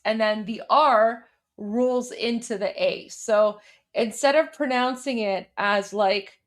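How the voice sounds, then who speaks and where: Chatty woman hosting a political livestream. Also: fairly high pitch. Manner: chatty, repeats words and restarts while coaching pronunciation; emphatic, insistent when arguing. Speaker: livestream show host. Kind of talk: casual political commentary livestream.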